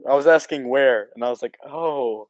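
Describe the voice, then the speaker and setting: A man's voice: medium pitch, fast, no echo, highs cut off. A young man co-hosting a casual podcast, recorded close with a dry sound. He tells his story hesitantly, with plenty of self-deprecation. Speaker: podcast co-host. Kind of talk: casual chat.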